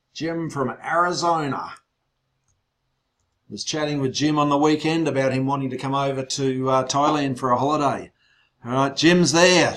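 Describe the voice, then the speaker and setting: A man hosting an online sales webinar, excitable and teasing, his voice growing loud as he gets worked up. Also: fairly high pitch. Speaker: webinar host.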